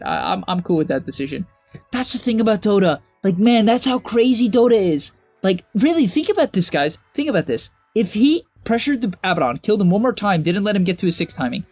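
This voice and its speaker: Young man, game coach, casual replay commentary, fairly high voice, dry close sound, faint music underneath. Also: no room sound. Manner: chatty, animated, bursts into exasperated shouts and laughs.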